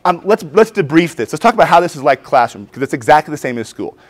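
Animated, high-energy man presenting to teachers. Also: quick pace. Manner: energetic, animated, acts out students' voices. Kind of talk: lively conference talk with demonstrations. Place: conference hall before an audience.

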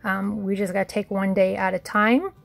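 A woman's voice: medium pitch, fairly even intonation, normal speed, gravelly, soft background music. A woman from Indiana, chatting casually to viewers as a vlogger and telling a story in a folksy way. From Indiana, USA. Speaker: shopping haul vlogger. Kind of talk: casual vlog chat and story time.

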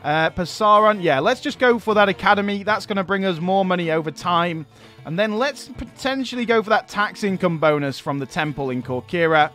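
A man doing chatty let's play commentary, self-mocking and given to bursts of excited cheering. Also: high voice, fairly quick, soft background music. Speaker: game commentator.

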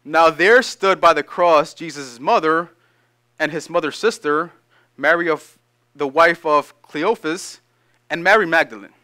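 A male pastor delivering a sermon in a high, bright voice. He reads scripture at a measured pace, then breaks into casual, energetic explanation.

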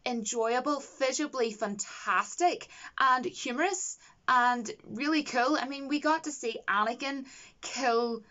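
A woman's voice: sits high, unhurried, pushed and bright, muffled recording. A young woman, reviewing a TV episode in a casual, enthusiastic and rambling way. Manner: enthusiastic, rambling, gushing with praise.

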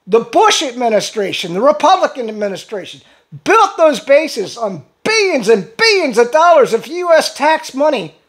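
A man's voice: extremely high pitch, very animated, a little slow, fairly bright tone. A man ranting fired-up in political commentary, hosting his own channel. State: in pain from a neck injury.

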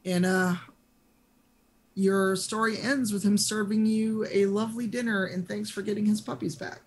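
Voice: mid-range voice, level tone, normal speed. A game master casually narrating a tabletop game scene and chatting lightly with players.

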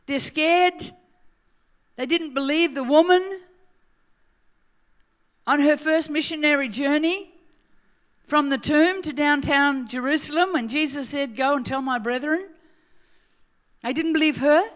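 High-voiced Australian woman preaching. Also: unhurried, pauses often. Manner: lively, joking, with big swings from quiet asides to loud emphasis. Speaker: pastor. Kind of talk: sermon.

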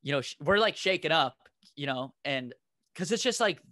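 A man's voice: on the high side, expressive, normal speed, bright, forceful tone, dry recording, clean studio sound. A man co-hosting a comedy podcast, telling a rambling anecdote and laughing as he goes. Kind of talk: casual storytelling.

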